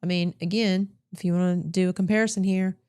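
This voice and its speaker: A woman's voice: lowish voice, steady tone, brisk, a little mellow, clean tone. A female co-host giving conversational, pointed commentary on the news. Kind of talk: news commentary talk show.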